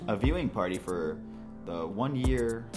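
Man, low voice, easygoing, halting fillers, music behind. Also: expressive. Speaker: player. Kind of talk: casual podcast chat.

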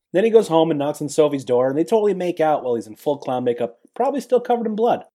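A man with a mellow, relaxed tone runs through a movie plot on a podcast. His pitch moves a lot as he tells it, and he drops joking asides between the plot points. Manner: joking, quick plot summaries. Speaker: podcast host recapping a film. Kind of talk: casual chat.

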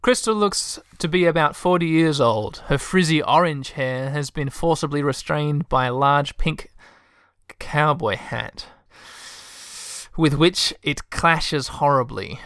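Dude reading a text game out loud, smooth voice, dry close mic, kinda wry. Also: male voice, fairly high pitch, dry recording. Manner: wry, chatty, swears casually. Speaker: game streamer.

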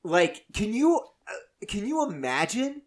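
A man's voice: high voice, very animated, slow. A man co-hosting a casual sports podcast, rambling and joking as he talks. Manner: rambling, joking, self-interrupting. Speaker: podcast co-host. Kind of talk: casual chat.

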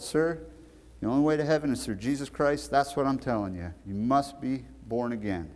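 A man preaching a sermon with emphatic, storytelling delivery that swells to loud peaks. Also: mid-range voice, expressive, moderate pace. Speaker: pastor. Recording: long hall reverb.

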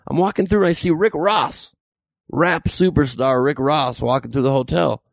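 Male comedian recounting a story; gravelly, lively, dry studio sound. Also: a little high, moderate pace, no room sound. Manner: animated, acts out quoted voices. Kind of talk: casual storytelling.

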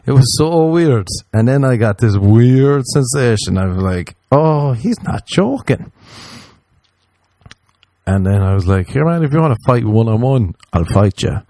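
A man's voice: mid-range voice, normal speed, few pauses, no echo. A man casually telling a rambling, profane story, acting out what he and others said. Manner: rambling, profane, animated quoting of himself.

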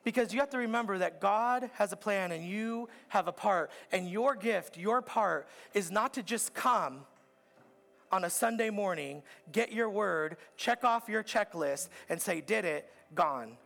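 High-voiced, gravelly man preaching a sermon. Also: animated, unhurried, fairly bright tone. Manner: earnest, repetitive preaching cadence with rising emphatic builds. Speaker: pastor. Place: church auditorium.

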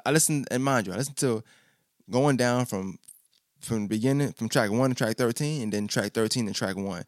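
Laid-back low-voiced man who stutters. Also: dry recording, studio quality. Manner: loose, stuttering, repeats himself, slangy. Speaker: podcast host reviewing an album. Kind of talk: casual music review chat.

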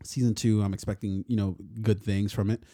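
A man's voice: on the low side, flat delivery, a little fast, dark tone, no echo, clean studio sound. A man co-hosting a podcast in casual, profane chat, rambling and laughing often. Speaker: podcast co-host.

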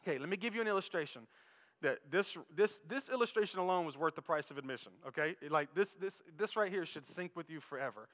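A man preaching a sermon as pastor, swinging between quiet low passages and loud raised ones. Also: lively intonation, fast talker. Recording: long hall reverb.

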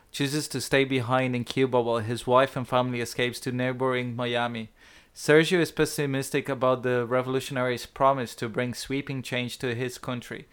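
A man's voice: medium pitch, fairly bright tone, smooth. A man co-hosting a casual film podcast, teasing his co-host and reading the film credits with Spanish pronunciation.

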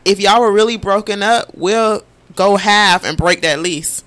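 A woman's voice: mid-range voice, measured pace, fairly bright tone. A woman guesting on a podcast, giving blunt, emphatic opinions in casual chat.

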